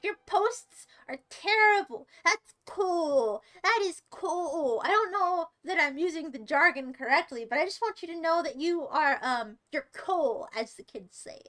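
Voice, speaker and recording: A woman's voice: sits high, animated, measured pace, few pauses, fairly bright tone. A woman livestreaming a game and chatting with viewers in a theatrical, self-mocking, giggly way. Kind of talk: casual livestream chat reading comments while gaming. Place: seated at a computer.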